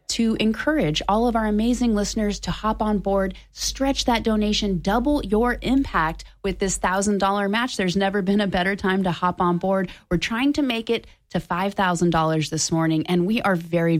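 A woman's voice: medium pitch, moderate pace. Upbeat female radio host making an appeal. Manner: upbeat and persuasive, repeats phrases for emphasis. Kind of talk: on-air fundraising appeal.

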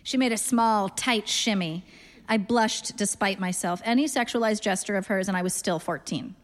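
Deadpan woman reading a story. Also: medium pitch, normal speed, big-room sound. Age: 30s. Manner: dry, deadpan. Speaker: narrator, reader.

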